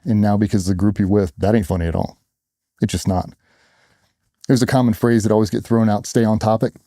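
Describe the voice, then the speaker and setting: Blunt, dark-voiced man telling stories. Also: fairly low pitch, dry recording, clean studio sound. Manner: blunt, profane storytelling with acted-out quotes. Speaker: guest, former special operations sailor. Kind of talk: storytelling in a casual interview.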